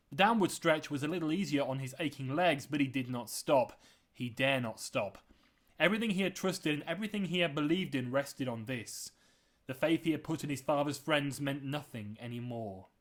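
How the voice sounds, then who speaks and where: A male author reading his own novel aloud at home, with measured, dramatic storytelling. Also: on the high side. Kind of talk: audiobook-style novel reading.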